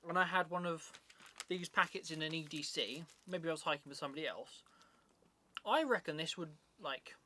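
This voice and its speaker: A man's voice: on the high side, normal speed, bright, forceful tone, a little hiss or hum. A man co-hosting a casual product review, enthusiastic, with hesitant phrasing full of "like".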